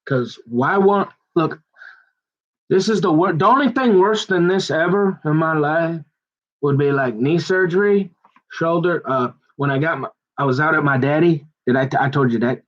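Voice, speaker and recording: A middle-aged man chatting away in a loose, digressive ramble full of folksy phrasing. His voice sits a little higher than most men's. The recording is dull and lo-fi. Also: moderate pace. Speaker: vlogger. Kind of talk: rambling casual chat.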